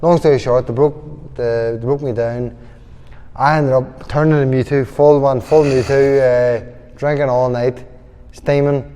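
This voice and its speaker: A man's voice: medium pitch, steady tone, measured pace, warm tone, clean tone. Northern Irish man, young adult, rambling anecdotes, laughs mid-story, voice trailing in a long hall reverb. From Northern Ireland. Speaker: boxer guest. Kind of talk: casual interview chat.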